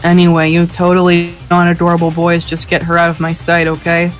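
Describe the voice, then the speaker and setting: A man playing a vain teen girl, catty taunting delivery, high voice. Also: completely flat delivery, fairly quick, faint music behind, lightly acted.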